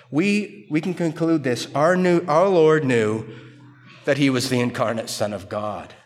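An American man preaching an expository sermon as pastor, slow and emphatic, often repeating words for stress. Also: a little high, lively intonation. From United States. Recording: long hall reverb.

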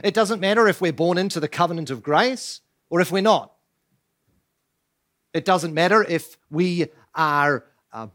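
A man's voice: on the high side, a bit bright. Emphatic male preacher, rising and falling. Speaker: pastor. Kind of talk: sermon. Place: church.

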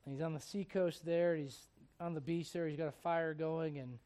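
A man's voice: on the high side, steady tone, moderate pace, warm tone. A man preaching a sermon as pastor, retelling scripture stories in casual everyday speech. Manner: storytelling preacher, voices biblical figures in casual speech.

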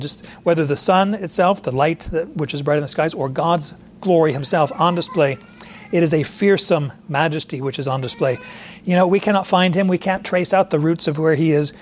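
A man preaching an expository sermon in a conversational way, pausing to search for verse numbers and now and then voicing imagined questions to a listener. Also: a little high, slight background noise. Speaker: pastor.

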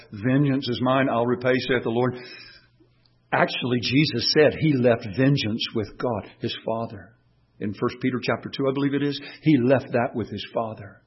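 Impassioned man preaching, husky voice. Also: mid-range voice, muffled recording. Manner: impassioned, swinging from raised, emphatic lines to quiet, soft reflection. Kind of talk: sermon.

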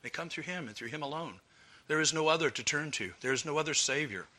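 Bright, forceful preaching man. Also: a little high. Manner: measured, emphatic preaching with pauses and restarts. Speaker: pastor. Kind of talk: expository sermon.

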